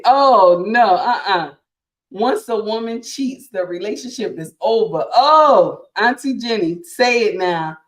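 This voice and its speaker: With a mid-range voice in an echoey room, a woman chats casually about relationships to her livestream audience. She speaks emphatically and repetitively, calling people "honey" and "my dear."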